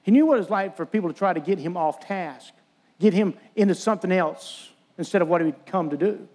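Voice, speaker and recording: High-voiced man preaching a sermon. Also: fairly quick, darkish tone. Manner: earnest preaching, quoting scripture, acting out taunts.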